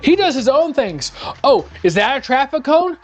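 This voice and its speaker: A man's voice: very high-pitched, big pitch swings, normal speed. A man rambling sarcastically and animatedly in casual chat while he cooks live in his home kitchen. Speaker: live-streaming home cook. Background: faint music.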